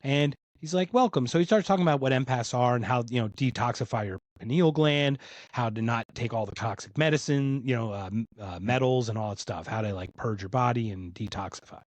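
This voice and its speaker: A man's voice: medium pitch, fairly quick, no room sound. A man from Philadelphia telling a story in casual conversation, acting out what other people said. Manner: animated, acts out other people's lines. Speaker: podcast guest.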